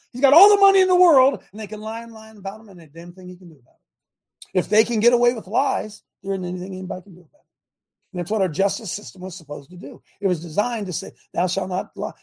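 A man giving an impassioned political talk to an audience, reading numbered principles aloud and breaking off into angry, loud commentary. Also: sits high, gravelly, slightly rough. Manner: reads numbered principles, then rants and comments; grows angry and loud at times. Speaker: speaker addressing an audience.

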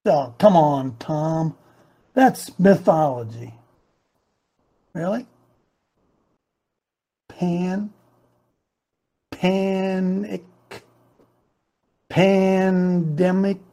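A man preaching a sermon, animated, rising to loud bursts. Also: sits high, drawn-out words, pauses often. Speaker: pastor.

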